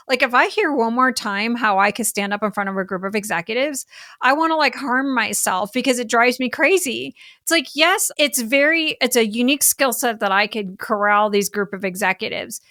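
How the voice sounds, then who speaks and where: A middle-aged woman, a business coach talking as a podcast guest, animated and full of "like" fillers. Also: fairly high pitch, normal speed, no echo, clean studio sound. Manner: animated, heavy use of "like" fillers. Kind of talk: casual podcast interview chat.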